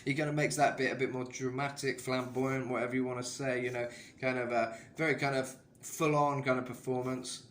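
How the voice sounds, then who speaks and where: A man's voice: medium pitch, little pitch movement, brisk, few pauses, roomy sound, noisy background. A man coaching singing in a casual, rambling way, full of "kind of" and filler sounds. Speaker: vocal coach. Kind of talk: casual singing tutorial talk.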